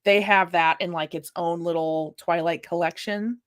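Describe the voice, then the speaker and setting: A young adult woman hosting a casual podcast livestream from home, telling stories in an animated way and acting out her own reactions. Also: on the low side, normal speed, clear, resonant tone, dry recording, studio quality. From Washington state. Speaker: podcast host.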